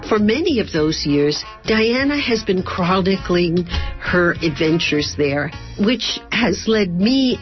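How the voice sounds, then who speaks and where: Lower-voiced woman hosting a radio interview. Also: dull audio. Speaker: radio program host.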